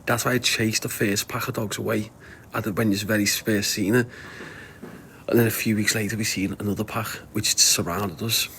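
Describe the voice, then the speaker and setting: A man's voice: on the low side, fairly even intonation, moderate pace, fairly bright tone, a little hiss or hum. A man with a Liverpool accent chatting casually to viewers on a livestream, rambling, laughing often and swearing freely.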